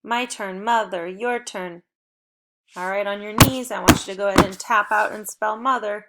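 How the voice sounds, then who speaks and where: A young adult woman teacher leading a recorded phonics lesson for children, with upbeat, encouraging, clearly paced prompts. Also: medium pitch, moderate pace, heavy background noise.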